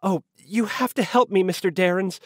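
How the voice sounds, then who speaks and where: In an audiobook, a man voices a frightened young woman who pleads breathily for help, pitching his high voice above his own natural register. He speaks at a moderate pace, and the recording is dry with clean studio sound.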